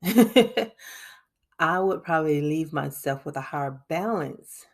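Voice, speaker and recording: A woman's voice: deep voice, animated, slow pace, darkish tone. A woman, chatting casually to viewers while walking through her monthly budget. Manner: chatty, addresses viewers as y'all, laughs often. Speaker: budgeting vlogger. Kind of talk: casual screen-recorded budget walkthrough.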